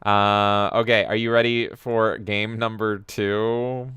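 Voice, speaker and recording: Jokey and lively, this podcast co-host swears often during relaxed live-stream banter. His mid-pitched voice is smooth and resonant, and the recording is close-miked and dry.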